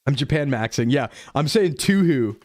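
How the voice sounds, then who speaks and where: Lively young man streaming a game. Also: medium pitch, normal speed, no echo. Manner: playful, jumps into goofy voices and dub impressions. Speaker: VTuber streamer. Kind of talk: casual gaming chat.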